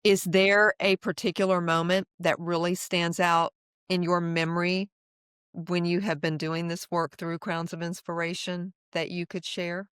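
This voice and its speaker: A woman co-hosting an interview, who asks the guest admiring, gentle questions. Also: lowish voice, flat delivery, unhurried, clear, resonant tone, no echo, clean studio sound. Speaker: podcast co-host. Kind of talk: interview chat.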